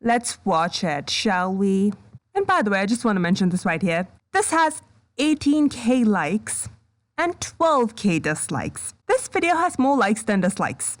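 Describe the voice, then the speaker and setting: A woman doing reaction commentary on a video, exasperated and stammering, breaking into yells of disbelief. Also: mid-range voice, sing-song, unhurried. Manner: exasperated, stammering, bursts into yelling. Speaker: commentary YouTuber.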